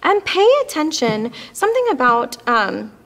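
A woman's voice: on the high side, big pitch swings, measured pace, a bit bright. A woman teaching an oboe lesson, explaining patiently and with frequent fillers. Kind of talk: instructional music lesson.

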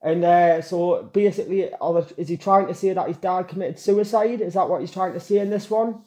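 A man with a rather high voice talks casually to his viewers and breaks down lyrics as he reacts. He sounds earnest and moved, and music keeps playing under him. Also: brisk, dark tone. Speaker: reaction video host.

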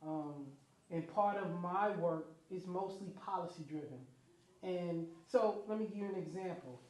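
Guy with a high voice giving a punchy talk, quizzing the crowd, big echoey hall. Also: moderate pace. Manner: animated, addresses the crowd with questions. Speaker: guest speaker, program manager. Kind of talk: lively public talk to an audience. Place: community event hall.

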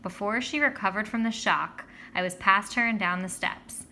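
Woman reading a kids' story aloud, bright voice, lively, faint hum behind. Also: mid-range voice, normal speed. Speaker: audiobook reader. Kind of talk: first-person storybook narration.

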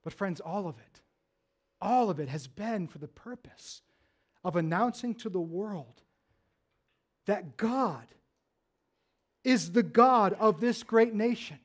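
High-voiced man preaching a sermon. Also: expressive, slow. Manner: earnest preaching, dropping low and soft then rising with emphasis. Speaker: pastor.

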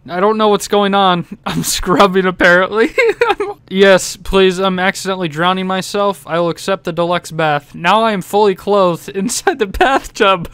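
A young man giving excitable, laugh-filled commentary while playing a game. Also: high voice, measured pace, smooth, dry recording. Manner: excitable, laughing, shouting reactions. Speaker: gaming YouTuber. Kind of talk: let's-play commentary.

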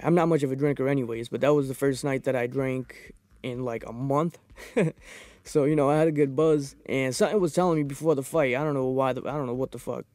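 A young man hosting a podcast, reviewing fights in a profane, rambling, excitable casual monologue. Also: mid-range voice, fairly quick, dry recording. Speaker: podcast host.

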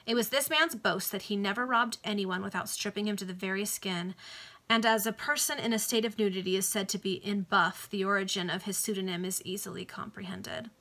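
Bright woman reading a novel aloud. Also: medium pitch, steady tone. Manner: pauses to explain the text, chatty asides. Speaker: reader. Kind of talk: casual read-aloud of a novel. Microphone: video call.

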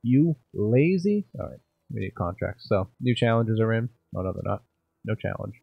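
A man's voice: lowish voice, fairly even intonation, a little fast, vocal fry, slightly rough, dry recording, phone-quality sound. A man casually commenting while playing a game, thinking aloud and joking about himself. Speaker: gaming channel host. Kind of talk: let's play commentary.

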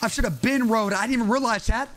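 Excitable high-voiced male game streamer. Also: quick pace. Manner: excitable, trash-talking, slangy. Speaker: gaming streamer. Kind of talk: live game stream commentary.

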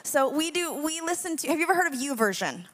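A young woman speaks with a fairly high voice, moving between a slow, hushed prayer and a chatty, candid story to a church crowd. She laughs often and talks openly, as if confiding in friends. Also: big pitch swings. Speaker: worship leader speaking to a congregation. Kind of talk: spoken prayer and personal story.

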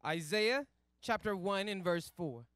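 A man reading scripture verses aloud in a measured, deliberate way. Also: high-pitched, lively intonation, a bit bright, no echo. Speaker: scripture reader.

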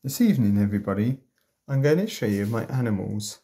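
A woman giving a casual tour of her pet ferrets, jumping into a high sing-song voice to greet them. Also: animated, fast, mellow. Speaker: pet vlogger.

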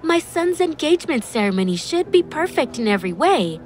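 A woman's voice: high-pitched, sing-song, a little fast, a little hiss or hum, pitched above the performer's own voice. A woman voicing a smug, haughty middle-aged mother in a storybook.

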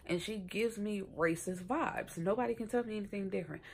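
A woman casually recapping a TV episode in a sassy, chatty way, often acting out the characters' lines in a higher voice. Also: brisk, gravelly, darkish tone, husky. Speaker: TV episode reviewer.

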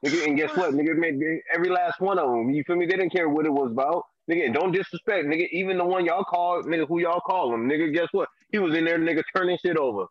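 A young man in his twenties chatting casually as co-host, animated and full of slang, often repeating "you feel me". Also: on the high side, quick pace, few pauses, no echo, highs cut off. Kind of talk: casual chat.

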